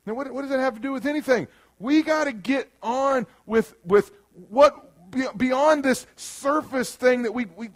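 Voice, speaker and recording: A man preaching a sermon in a church room, who moves from loud bursts to quiet, earnest passages and acts out the voices he quotes. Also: very high voice. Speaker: pastor.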